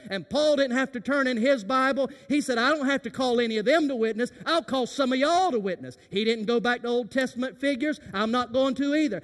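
A preacher with a strikingly high, ringing voice delivers an impassioned sermon to his congregation. He drops to a near hush, then climbs to fervent shouts, and his words ring out through the long reverb of a church sanctuary. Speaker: senior pastor. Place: church sanctuary during worship service.

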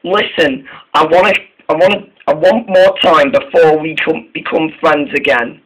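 A man's voice: fairly high pitch, steady tone, normal speed, fairly bright tone, breathy edge, poor audio. A man voicing a scared, shy female engine, speaking hesitantly with stumbles and restarts. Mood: timid.

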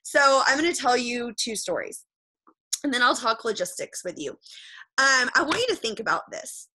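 A woman with a bright, slightly high voice gives a motivational pep talk over a video call. She talks emphatically and repeats her points, checking in with her listeners with a frequent "okay?". She speaks bluntly and swears now and then. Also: big pitch swings, moderate pace, poor audio. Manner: frank, with mild swearing. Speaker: motivational speaker addressing a group.

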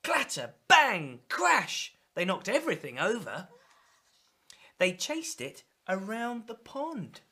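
A man hosting a children's show, reading a picture book aloud in a slow, playful sing-song with sound effects. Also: high voice, huge pitch swings, pushed and bright, a little hiss or hum. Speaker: children's storyteller host.

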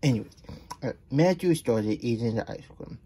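A man's voice: medium pitch, animated, moderate pace, dark tone, slight background noise. A man reading a children's picture book aloud for nap time, stopping for chatty asides about himself in the third person. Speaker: children's story reader.

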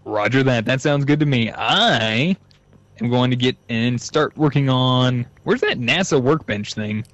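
A laid-back man co-playing in a let's play chats casually about the game, often laughing and saying um. His medium-pitched voice is expressive, a little slow and slightly bright, with no echo, through a slightly dull lo-fi mic.

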